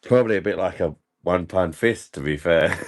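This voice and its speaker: A man with a low but fairly bright voice hosts a casual livestream, drinking and joking. He reads comments aloud and laughs often.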